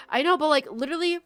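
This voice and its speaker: A woman's voice: high-pitched, fairly bright tone, no echo. A woman streaming a video game, chatting casually with her viewers, teasing and laughing often.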